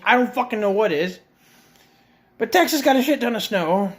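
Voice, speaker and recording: Foul-mouthed man ranting. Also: sits high. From Canada. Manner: swearing, exasperated, sarcastic. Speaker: vlogger. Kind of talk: profane comedic rant. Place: a friend's house, indoors.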